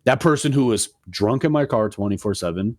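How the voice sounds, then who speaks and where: A man in his twenties on a podcast, telling a story in an animated, profane rant and acting out what people said. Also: fairly low pitch, fairly quick. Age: 20s. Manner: animated, profane ranting with acted-out quotes. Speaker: podcast co-host. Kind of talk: casual storytelling chat.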